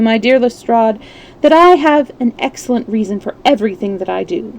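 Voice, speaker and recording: A woman voicing a confident, theatrical male detective in a measured, showy way. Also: fairly high pitch, darkish tone, low-quality recording.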